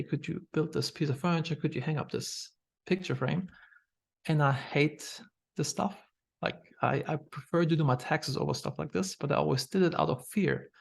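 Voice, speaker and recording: German-accented man, slightly high, gravelly; founder sharing candid stories on a call. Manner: candid, anecdotal, frequent fillers and restarts. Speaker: startup founder. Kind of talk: masterclass talk.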